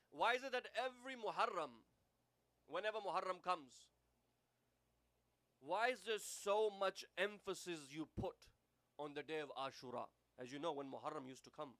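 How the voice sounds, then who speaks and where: A man with a British accent delivering a sermon, building to emphatic peaks and then falling to hushed, solemn tones. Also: a little high, no room sound. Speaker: preacher.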